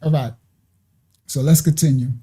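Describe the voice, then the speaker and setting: Mellow man musing to his viewers. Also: a little high, fairly even intonation, normal speed, husky. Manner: musing aloud, asks viewers questions. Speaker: reaction video host. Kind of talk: casual reaction commentary.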